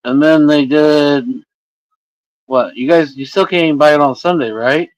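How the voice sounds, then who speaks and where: A man's voice: fairly high pitch, normal speed, no echo, poor audio. A man in his forties from Indiana hosting a livestream, chatting loosely with his viewers, rambling and swearing constantly. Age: 40s. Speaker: livestream host. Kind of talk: casual chat with viewers. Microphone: streaming setup microphone.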